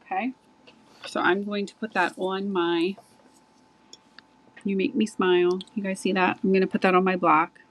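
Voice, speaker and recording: A woman's voice: medium pitch, level tone, normal speed, pauses often, low-quality recording. A woman showing viewers how to make a greeting card, chatting enthusiastically while she works with her hands. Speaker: card-making demonstrator. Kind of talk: casual craft tutorial.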